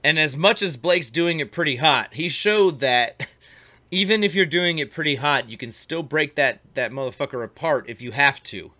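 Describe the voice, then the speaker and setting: A man's voice: on the high side, normal speed, sharp tone. A man hosting a casual glassblowing talk show, chatting loosely with slang while commenting on a demo. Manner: laid-back, slangy, talks over a glassblowing demo. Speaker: host.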